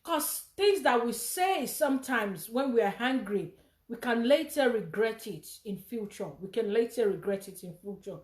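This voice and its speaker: A woman's voice: a little high, lively intonation, normal speed, darkish tone, echoey room. A middle-aged mother giving a heartfelt speech at a charity event, often repeating her phrases. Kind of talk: emotional personal speech.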